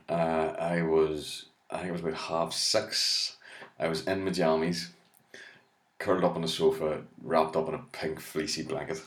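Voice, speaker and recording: An Irish man doing stand-up, rambling and swearing freely with a deadpan edge. His voice is very low, and the room gives it a clear echo. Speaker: comedian. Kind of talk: stand-up monologue. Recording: echoey room.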